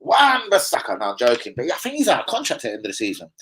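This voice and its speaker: A young man hosting a casual football fan livestream, rambling, swearing freely and reading out chat shout-outs. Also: medium pitch, huge pitch swings, racing, a little hiss or hum, low-quality recording.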